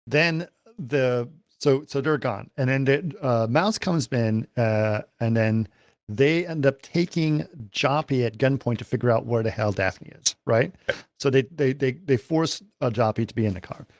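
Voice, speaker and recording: A man's voice: mid-range voice, a little slow, no echo, studio quality. A man co-hosting a film podcast, recapping the plot in a hesitant, casual way with many fillers and restarts. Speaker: podcast co-host.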